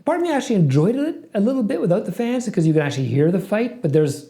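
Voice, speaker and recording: A laid-back man rambles through podcast chat, stumbling over restarts and swearing as he goes. His voice sits a little high but has a mellow, dark tone. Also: very animated, very fast, reverberant. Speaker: podcast co-host. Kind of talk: casual chat.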